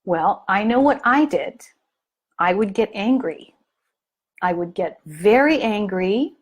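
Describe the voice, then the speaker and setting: Lively storytelling woman, slow and deliberate. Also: medium pitch. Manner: animated storytelling, acts out scenes in lively voices. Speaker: parent coach. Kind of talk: live training talk to an online audience.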